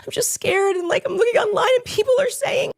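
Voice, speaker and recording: A woman's voice: extremely high pitch, brisk, vocal fry, pitched above the performer's own voice. A woman putting on a whiny, tearful voice to mock a woman faking distress.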